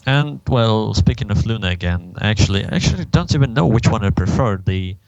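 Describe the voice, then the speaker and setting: A man co-hosting a casual podcast chat, measured and thinking aloud. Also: fairly low pitch, lively intonation, vocal fry, a little mellow, no echo, muffled recording. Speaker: podcast co-host.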